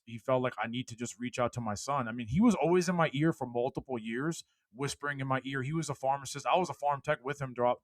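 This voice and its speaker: Guy telling his life story on a podcast, mid pitch, dry close sound, gets loud then quiet. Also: no room sound. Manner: animated, gets loud and laughs when telling a punchline. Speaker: guest speaker. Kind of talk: animated storytelling interview.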